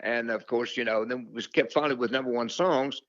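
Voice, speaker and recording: A man's voice: medium pitch, steady tone, a little fast, fairly bright tone, no echo. An older man telling stories as an interview guest, rambling with fillers and restarts and quoting his own thoughts. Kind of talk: casual storytelling interview. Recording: dull lo-fi dry sound.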